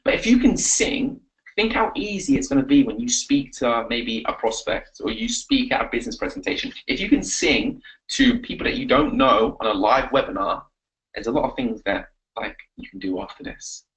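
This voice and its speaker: A man coaching on a live webinar, energetic and repetitive, giving pep talks. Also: mid-range voice, normal speed, rough recording. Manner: energetic, pep-talking, repeats himself. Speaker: confidence coach.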